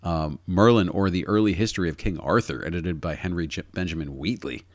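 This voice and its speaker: A man co-hosting a casual chat about word history, relaxed and enthusiastic, calling his friend "dude" and "man". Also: sits low, fairly quick, no room sound, studio quality. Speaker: podcast co-host.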